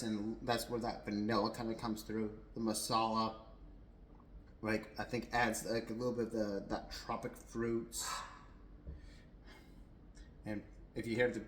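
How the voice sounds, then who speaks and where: A man's voice: fairly low pitch, reverberant, a little hiss or hum, rough recording. A young adult man giving a casual, rambling whiskey tasting review at home, a little tipsy, with lots of fillers and restarts.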